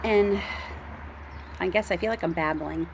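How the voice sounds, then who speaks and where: This homestead vlogger, a middle-aged woman from Canada, has a lowish voice and speaks a little slowly against a noisy background. Outdoors at home, she offers heartfelt, casual talk to the camera, rambling earnestly and often restarting or saying um.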